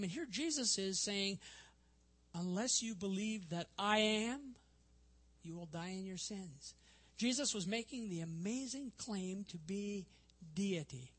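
An older male preacher with a fairly high voice delivers a sermon. He is earnest and emphatic, and he gives the quoted lines a voice of their own. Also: fairly bright tone.

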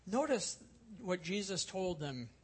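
A man's voice: high-pitched, sing-song, slow, husky. A male pastor teaching a sermon, explaining scripture earnestly and repeating key points for emphasis. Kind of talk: expository sermon.

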